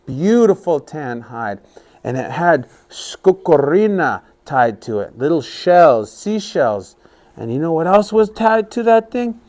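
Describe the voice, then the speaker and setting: A man telling a story to a class of young children, animated and often asking them questions. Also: fairly high pitch, slow.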